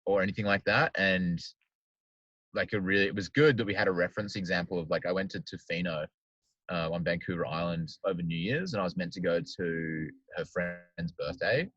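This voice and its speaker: A man's voice: deep voice, fairly quick, a bit bright, no room sound. A man hosting a podcast, chatting casually and rambling with lots of "like". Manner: rambling, heavy use of "like". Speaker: podcast host. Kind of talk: casual chat. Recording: dull lo-fi, dry sound.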